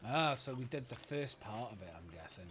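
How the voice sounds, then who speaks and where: A man's voice: medium pitch, animated, moderate pace, a bit bright, a little hiss or hum. A man streaming a video game, commenting and reading game dialogue aloud.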